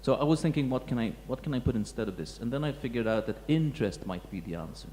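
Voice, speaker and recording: Man lecturing, thoughtful and halting, warm low tone, recorded in a reverberant hall with light hum. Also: expressive. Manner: halting, many restarts and fillers, reflective. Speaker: museum curator giving a talk. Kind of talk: lecture talk to an audience. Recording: echoey hall with faint hum.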